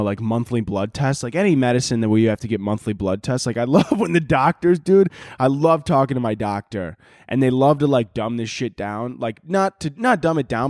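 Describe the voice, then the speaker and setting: A young man in his twenties talks through a casual solo podcast into a close mic, with almost no room sound. He rambles and swears, fills his talk with filler words and laughs at his own jokes. His pitch sits in an ordinary middle range. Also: a little mellow, no echo. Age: 20s. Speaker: podcast host.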